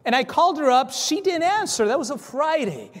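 A man telling a story in a sermon, animated, acting out dialogue, with frequent stammering restarts. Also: very high-pitched, brisk, in a large hall. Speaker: preacher. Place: church.

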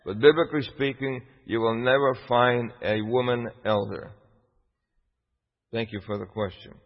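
A man's voice: mid-range voice, steady tone, moderate pace. A man preaching a sermon emphatically, putting rhetorical questions to his listeners. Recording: dull lo-fi with long hall reverb.

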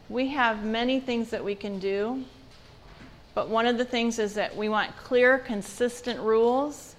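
A woman's voice: on the high side, fairly bright tone. Conversational woman teaching parents. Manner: conversational, asks the audience questions. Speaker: parenting class speaker. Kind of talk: church parenting seminar talk.

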